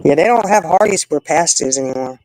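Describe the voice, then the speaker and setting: A woman, telling stories in a relaxed chat among friends. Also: brisk, a little hiss or hum, rough recording. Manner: chatty storyteller, animated with big swings in pitch. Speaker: co-host. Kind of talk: casual chat.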